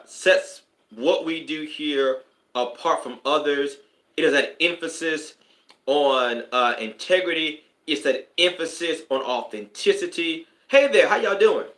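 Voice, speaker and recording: A man's voice: fairly high pitch, sharp tone. A man, a spiritual advisor, hosting a live stream in a casual, rambling way, with sudden preacher-like bursts of emphasis. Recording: echoey room.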